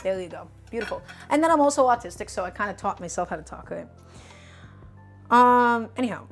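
A woman from Brooklyn with a New York accent and a slight speech impediment that softens her R sounds, chatting with viewers during a live cooking stream. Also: mid-range voice, expressive, fairly quick, soft background music. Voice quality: cannot pronounce R sounds. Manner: chatty, talks directly to viewers.

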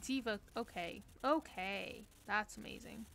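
A woman's voice: fairly high pitch, normal speed, long pauses, fairly bright tone. A young woman streaming a game from her room, chatting casually with playful, self-mocking trash talk. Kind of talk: casual live-stream chat while gaming.

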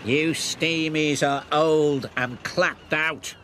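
A man's voice: fairly high pitch, fairly even intonation, extremely slow, slight background noise, voice pushed up. A man doing a sneering diesel engine. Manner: sneering, drawn out. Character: spiteful male diesel engine. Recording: loud background music.

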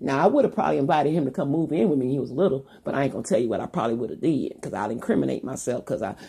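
Raspy gravelly lady ranting on her channel, voice swoops all over, rambly and cussing. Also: very deep voice, animated, very fast, warm tone. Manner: profane, rambling, many restarts and asides. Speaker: YouTuber. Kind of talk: rambling monologue to viewers.

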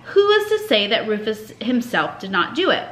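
A woman's voice: on the high side, very animated, normal speed, fairly bright tone. A woman voicing a stern, sarcastic old male schoolteacher who snarls and commands. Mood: lecturing. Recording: echoey room.

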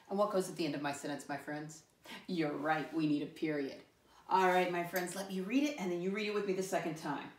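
A woman's voice: on the low side, expressive, recorded from a distance. Encouraging teacher woman, echoey room. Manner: encouraging, calls viewers "my friends", spells words slowly. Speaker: first grade teacher. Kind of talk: classroom lesson to young children.

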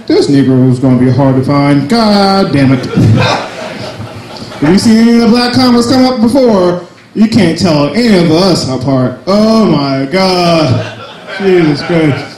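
A man's voice: sits high, lively intonation, unhurried, reverberant, crowd noise, rough recording. A young man doing a crude, self-mocking stand-up set at an open mic, full of jumpy asides. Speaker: stand-up comedian. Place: small cafe comedy night.

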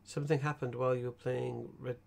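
Speaking fairly quickly in a creaky, medium-pitched voice, a young man chats casually about games on his stream. He drifts from point to point, restarts with stammers, and laughs animatedly.

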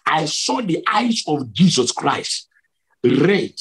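Husky, lively male preacher. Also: fairly high pitch, takes it slowly. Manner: emphatic, repetitive, dramatic storytelling. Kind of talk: sermon testimony.

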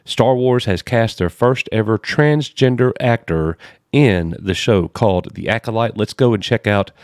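A man with a fairly low voice reads a news article aloud, stopping often for sarcastic remarks and weary sighs. The sound is dry and close, with no room echo. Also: unhurried, darkish tone. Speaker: commentary channel host.

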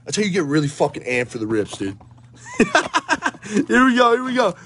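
A man's voice: high voice, sing-song, moderate pace, background noise. A young man giving hyped, swearing commentary while opening trading card packs, rattling off player names and sounding out of breath. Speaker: card breaker. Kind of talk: live pack-opening commentary.

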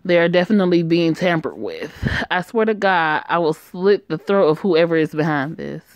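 A hard crime boss father who makes threats without blinking, played by a woman. The low voice is close to the mic and dry. It belongs to a home-made game drama. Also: animated, moderate pace, dry recording, lo-fi sound. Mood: menacing. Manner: blunt and threatening.

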